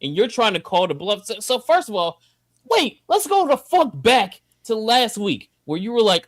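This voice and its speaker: A man co-hosting a podcast, ranting in casual chat with plenty of swearing that builds to near-shouting. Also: high-pitched, moderate pace, dry recording. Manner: animated, profane ranting that climbs to near-shouting. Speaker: podcast co-host.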